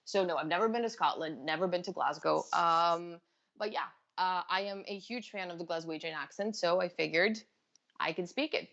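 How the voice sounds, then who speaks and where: A woman in her twenties, a native Serbian speaker, chatting as a guest in a relaxed, matter-of-fact way. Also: fairly low pitch, normal speed, creaky. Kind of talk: casual chat. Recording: dull lo-fi audio.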